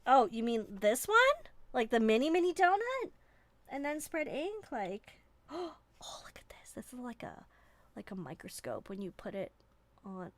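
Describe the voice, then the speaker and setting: A woman's voice: mid-range voice, no room sound. A woman from Canada hosting a live stream, chatting in a rambling, playful, self-mocking way from a desk indoors. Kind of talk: casual live-stream chat.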